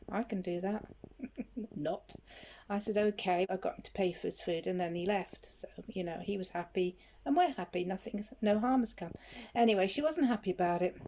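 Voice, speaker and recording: A middle-aged woman tells a long story to her camera while out walking. She talks in a chatty, rambling way with ums and little laughs. Her voice sits at a middle pitch, with faint noise outdoors behind it. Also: warm tone. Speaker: vlogger and security guard. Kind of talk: casual walking vlog chat. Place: outdoors on a walk.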